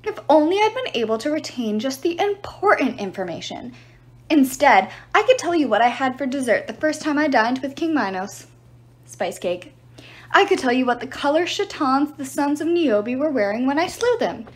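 Woman, higher voice, lively swooping pitch, dramatic read-aloud of a novel. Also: moderate pace. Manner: expressive, dramatic storytelling. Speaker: reader.

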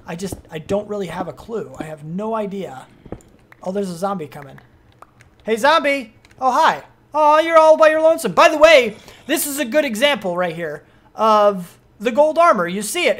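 A young adult streamer giving casual, rambling gameplay commentary, excitable and full of fillers. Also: mid-range voice.

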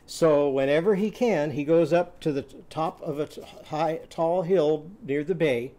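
A man teaching a phonics lesson, telling short stories and quizzing the class with loud, drawn-out vowel sounds. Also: on the high side. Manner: animated, loud drawn-out vowel shouts and quiz prompts.

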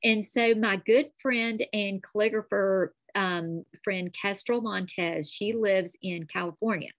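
A woman with a strong North Alabama accent, a calligraphy teacher chatting as a podcast guest, telling stories in an animated way. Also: mid-range voice, measured pace, dry recording. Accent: North Alabama Southern. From North Alabama, USA. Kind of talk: casual interview chat.

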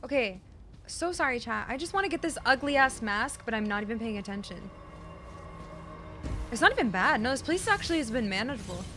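A young woman streams a game and talks to her chat. Her voice sits high and leaps around a lot. She swears, cries out at enemies, apologizes, and teases herself, with game music playing behind her. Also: animated, a little fast. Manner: self-mocking, teasing chat. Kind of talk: casual live gameplay commentary to chat.

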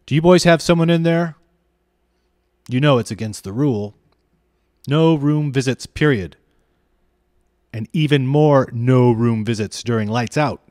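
A man's voice: mid-range voice, measured pace, pauses often, no room sound, clean studio sound, pitched above the performer's own voice, lightly acted. A man reading aloud, voicing a stern, bossy older boy who roars orders. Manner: loud, barking, roaring.

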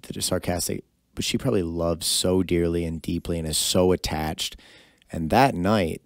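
A male podcast host with a low, deep voice reflects on his guest's story. He speaks in a thoughtful, empathetic way. The sound is dry and close. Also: a little mellow, dry recording. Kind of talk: reflective commentary.

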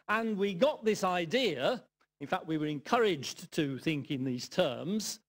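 An older man from England giving a sermon, telling a personal story in a reflective way with dry humour and soft asides. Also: on the high side. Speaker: guest preacher.

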